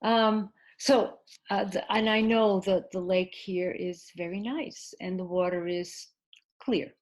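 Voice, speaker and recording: Slow, patient woman teaching a class. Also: medium pitch, fairly even intonation. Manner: slow, patient explaining with many fillers and pauses; mixes in Mandarin glosses for the class. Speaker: ESL teacher. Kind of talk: online class lecture.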